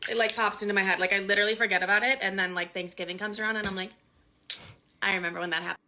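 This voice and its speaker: A woman's voice: medium pitch, rapid-fire, a little hiss or hum. A woman in her twenties telling a personal story casually, acting out quotes and swearing freely. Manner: animated, acts out quotes, swears a lot. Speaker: storyteller in a clip.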